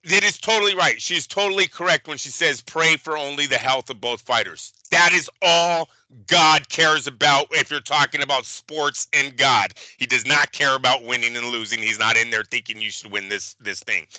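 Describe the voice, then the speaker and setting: A man's voice: mid-range voice, normal speed, bright, forceful tone, no echo, poor audio. A man co-hosting a boxing podcast, ranting in heated, profane casual chat. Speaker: boxing show co-host.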